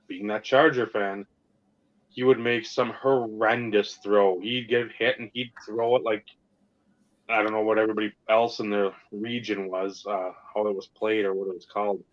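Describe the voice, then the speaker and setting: A man co-hosting a podcast, talking casually and ranting with plenty of swearing. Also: on the low side. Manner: animated, profane ranting. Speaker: podcast co-host. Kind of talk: casual sports and hobby chat. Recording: slightly dull lo-fi sound.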